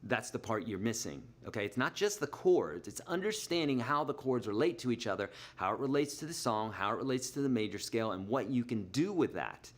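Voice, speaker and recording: A man's voice: medium pitch, lively intonation, a little fast, few pauses. Chatty middle-aged male guitar teacher. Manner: chatty, explains with everyday examples, counts beats aloud. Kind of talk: live online guitar lesson. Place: Nashville.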